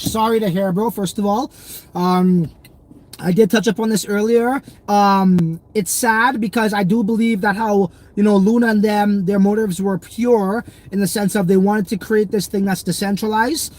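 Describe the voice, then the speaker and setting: A man's voice: high voice, fairly even intonation, normal speed, a little mellow. A young man hosting a crypto livestream, chatting loosely in slang and reading viewer comments. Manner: slangy, loose and rambling, many fillers.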